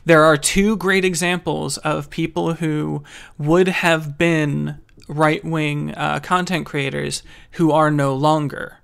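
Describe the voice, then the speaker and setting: A man with a raised, gravelly voice speaks in a casual online debate. He builds his argument haltingly, pausing on fillers. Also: a little high, steady tone, fairly bright tone. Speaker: debate panelist.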